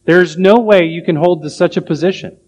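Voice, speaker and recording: A man's voice: sits high, fairly quick, a little mellow. A male pastor preaching a sermon, pressing his point with emphatic rhetorical questions.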